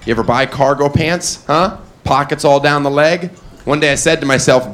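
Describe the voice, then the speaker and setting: A man doing a stand-up comedy set on a club stage, deadpan and self-amused, often laughing at his own jokes. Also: on the high side, normal speed. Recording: live club recording with background noise.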